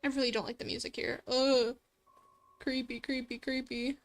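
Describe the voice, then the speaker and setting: A woman's voice: sits high, level tone, moderate pace. A young adult woman streamer in casual let's play commentary, chatty and giggly, thinking aloud. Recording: faint background music.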